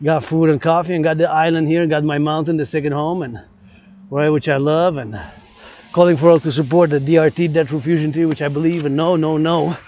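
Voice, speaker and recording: Man from Quebec, vlogging outdoors on a phone; slightly high voice, rambling and preachy, repeats himself. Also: fairly even intonation, brisk, darkish tone. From Quebec, Canada. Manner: repetitive, impassioned, preachy. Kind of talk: rambling outdoor vlog monologue. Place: outdoors, moving around a city.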